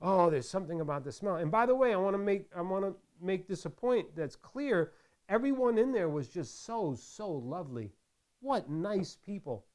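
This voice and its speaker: A man's voice: high-pitched, big pitch swings, normal speed, a little mellow. A man casually chatting while making crafts, rambling through stories with lots of restarts. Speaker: craft vlogger. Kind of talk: casual tutorial chat.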